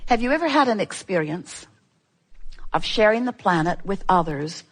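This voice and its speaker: A woman's voice: medium pitch, sing-song, normal speed. A woman giving an inspirational talk to a workshop audience. She speaks as "we", strings together rhetorical questions and repeats key phrases for emphasis.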